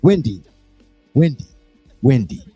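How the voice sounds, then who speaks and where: A South African man doing live reaction commentary, animated and prone to bursting into shouts and whoops. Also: mid-range voice, takes it slowly, loud music behind the voice. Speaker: reaction streamer.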